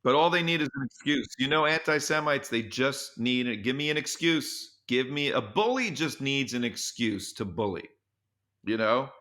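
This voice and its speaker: A man who is a comedian, telling stories as a podcast guest in an animated way, with quick restarts and repeated words. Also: medium pitch. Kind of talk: podcast interview storytelling.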